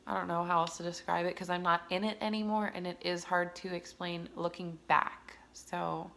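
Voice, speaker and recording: Candid young mom with a gravelly voice. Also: female voice, fairly low pitch, little pitch movement, moderate pace, hardly any pauses, a bit bright. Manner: candid, rambling, many "like" fillers. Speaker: mother sharing her story. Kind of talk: personal vlog talk.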